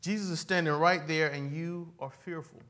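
A male pastor preaches in a high, bright, ringing voice. He leaps from loud cries down to quiet, folksy asides. He talks straight to his congregation in church. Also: steady tone, normal speed. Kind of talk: sermon.

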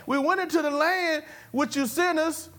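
Fearful scouts whine their excuses in a drawn-out complaining tone, as a preacher acts them out. The voice sits very high and moans instead of speaking plainly. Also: male voice, sharp tone. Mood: whiny.

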